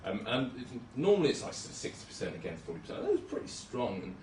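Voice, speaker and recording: A man's voice: mid-range voice, wildly swooping pitch, quick pace, a little mellow, a little hiss or hum. A young man giving a casual, self-deprecating talk as a junior doctor, chatty and hesitant, with many ums. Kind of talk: casual presentation with slides. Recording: roomy hall, speaker far from mic.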